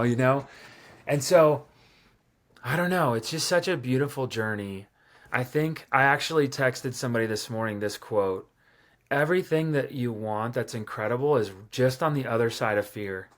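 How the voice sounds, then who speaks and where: A man's voice: mid-range voice, moderate pace. A man in his thirties, a podcast guest, telling personal stories casually with lots of fillers and a self-deprecating tone. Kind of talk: casual storytelling interview.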